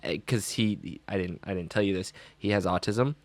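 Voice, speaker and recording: Man, low voice, dry close sound, school advisor, podcast co-host, animated storyteller. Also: normal speed, dry recording. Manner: animated storyteller who acts out quotes. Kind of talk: casual chat.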